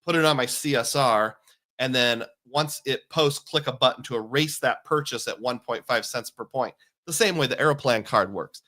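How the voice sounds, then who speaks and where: Bright-voiced chatty male livestream host. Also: medium pitch, moderate pace. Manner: chatty, jokey, self-deprecating. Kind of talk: casual livestream talk, reading viewer comments.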